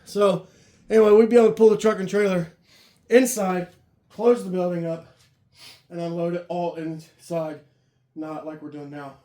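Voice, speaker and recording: A man with a high-pitched, steady, warm voice talks while working, casually narrating as he unloads a trailer of car parts outside in the cold. He's out of breath, with breathy pauses between lifting and hauling, and the distant camera audio is echoey with clear noise.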